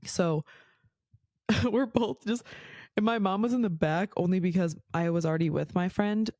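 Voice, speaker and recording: A woman's voice: on the low side, normal speed, darkish tone, no room sound. Chatty, swearing woman podcaster, dry sound. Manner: chatty, swears a lot, says "like" constantly. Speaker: podcast host. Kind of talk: casual storytelling.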